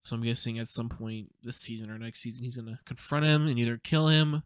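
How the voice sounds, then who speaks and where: A young man gives a loose, rambling recap of a TV episode, peppering it with fillers and swearing. His voice is smooth and clear. The recording is close and dry. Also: mid-range voice, little pitch movement, a little fast, no room sound. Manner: casual, rambling, swears freely, lots of "like". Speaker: TV episode reviewer. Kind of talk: casual spoiler recap.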